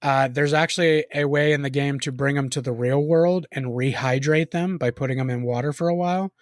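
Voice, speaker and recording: A man's voice: medium pitch, fairly even intonation, a little fast, dry recording. A man with a mid-range voice co-hosts a podcast in easy, rambling chat, laughing often. The sound is dry and close, with no room around it. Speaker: podcast co-host. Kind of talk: casual chat.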